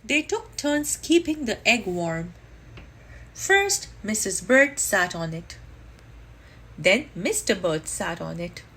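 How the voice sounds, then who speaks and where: A woman reading a children's picture book aloud at storytime, in a slow and expressive way. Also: mid-range voice, slight background noise. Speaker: storytime reader.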